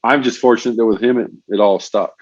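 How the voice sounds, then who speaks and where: Fast-talking man on a dull lo-fi line. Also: medium pitch, no echo. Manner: animated storyteller, frequent "bro" and "man". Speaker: guest, fishing industry professional. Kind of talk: casual podcast interview. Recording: dull lo-fi, dry sound.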